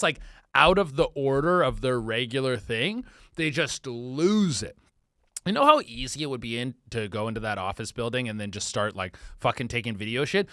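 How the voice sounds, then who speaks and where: Animated profane comedian, lively voice. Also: male voice, fairly high pitch, dry recording, studio quality. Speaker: comedian reacting to clips. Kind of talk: casual reaction commentary.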